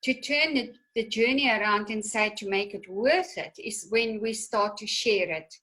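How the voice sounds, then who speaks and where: A woman's voice: mid-range voice, normal speed, sharp tone, poor audio. A woman hosting a video call interview who speaks in an earnest, encouraging way. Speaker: host.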